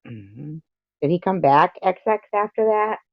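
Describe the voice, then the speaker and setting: A man with a high voice and lively intonation hosts a livestream, speaking a little slowly as he rambles casually to viewers and curses at his pets between subjects. The recording is lo-fi with no echo.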